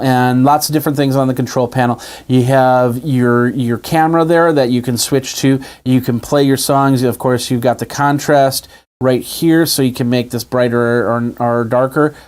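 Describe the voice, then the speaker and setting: A man's voice: medium pitch, darkish tone. A man hosting a casual tech video, chatting his way through a tablet demo indoors. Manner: chatty, demonstrating on screen as he talks. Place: indoors at a desk with a TV and monitor.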